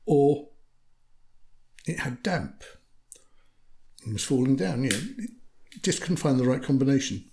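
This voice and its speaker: A man's voice: medium pitch, lively intonation, unhurried, pauses often, a little mellow, a little hiss or hum. Male storyteller from the UK, casual interview guest, anecdotal and wry. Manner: chatty, anecdotal, dry humour. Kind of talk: casual conversation.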